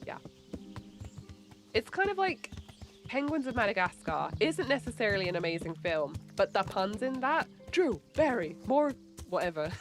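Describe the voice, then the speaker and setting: A woman with a light English accent, chatting casually on a livestream, laughing often and mumbling a bit. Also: medium pitch. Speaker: streamer.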